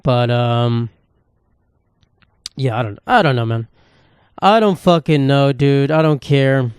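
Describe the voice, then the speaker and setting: A man's voice: medium pitch, slow pace, a little mellow, clean tone, no echo, studio quality. A man hosting a podcast alone, telling stories in a rambling, swearing, self-mocking way, recorded on a phone. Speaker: podcast host. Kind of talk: casual solo monologue.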